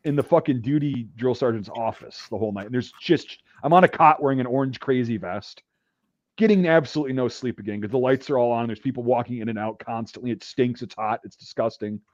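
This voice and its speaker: Guy rambling through a profane army story, regular pitch, muffled dry audio. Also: quick pace, no room sound. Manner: profane, rambling anecdote telling. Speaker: podcast host. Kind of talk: casual storytelling. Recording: dull dry recording.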